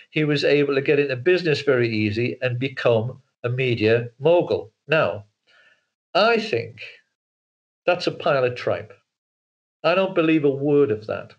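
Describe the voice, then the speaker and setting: Man on a dull, lo-fi video call. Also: on the high side. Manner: hesitant, with repeated words and restarts. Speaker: guest, author and filmmaker. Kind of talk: casual interview talk.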